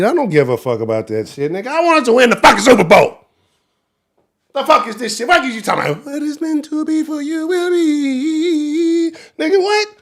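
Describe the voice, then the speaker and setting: High-voiced man ranting profanely. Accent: Houston. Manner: angry, profane, animated ranting. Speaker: sports talk show host. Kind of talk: livestream sports rant.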